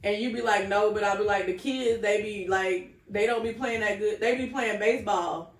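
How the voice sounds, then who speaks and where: A woman's voice: medium pitch, moderate pace. A woman co-hosting a casual podcast who chats easily and passes on what friends and family said. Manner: chatty, reads out others' answers. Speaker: podcast co-host. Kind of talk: casual chat. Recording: roomy, distant mic.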